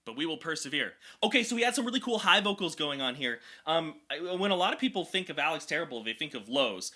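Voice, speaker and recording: A man talking casually as a vocal coach reacting to a song, chatty and excitable with lots of fillers. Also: fairly high pitch, fast. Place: indoor room at home.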